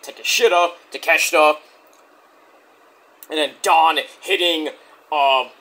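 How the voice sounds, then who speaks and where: A man casually reviewing a wrestling show, rambling and cursing freely as he recaps. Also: high-pitched. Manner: profane, rambling, animated.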